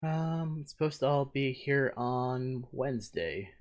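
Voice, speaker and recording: A man co-hosting a podcast, chatting casually with relaxed, profane banter. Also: mid-range voice, slow. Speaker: podcast co-host. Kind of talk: casual chat.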